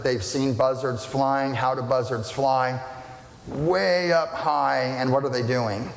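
Pastor preaching in an echoey church. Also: male voice, mid-range voice. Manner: conversational teaching, asks the congregation questions. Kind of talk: sermon. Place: church sanctuary. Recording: echoey church with long reverb.

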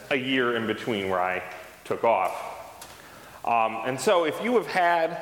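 A man's voice: medium pitch, fairly bright tone. A man preaching a sermon as pastor, telling a personal story in a conversational way and acting out the dialogue. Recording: roomy hall reverb, faint background noise.

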